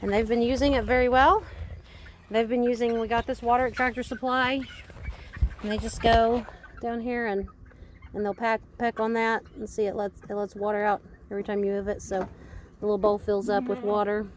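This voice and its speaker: A woman with a fairly high voice talks her way around a homestead, chatty and rambling but matter-of-fact. She records outdoors on a handheld phone while giving a casual walking tour of her land and animals. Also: little pitch movement, fairly quick, a little hiss or hum. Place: outdoors on a farm among animals.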